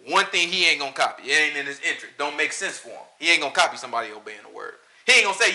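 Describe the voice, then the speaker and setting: Lively, bright-voiced man preaching casually. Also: fairly high pitch, quick pace. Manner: animated, talks to the room, mimics pastors. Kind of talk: casual sermon.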